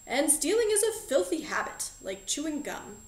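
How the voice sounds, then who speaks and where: A woman plays a genial, eccentric middle-aged magic shop owner and father in an audiobook, fussy and politely formal, with a lilting voice pitched fairly high. The reading rings in a roomy, echoey space. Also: big pitch swings, moderate pace.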